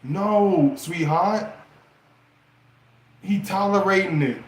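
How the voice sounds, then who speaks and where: A man giving casual relationship advice in a preachy, animated way, firing off rhetorical questions. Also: sits high, takes it slowly, echoey room. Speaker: relationship and astrology vlogger.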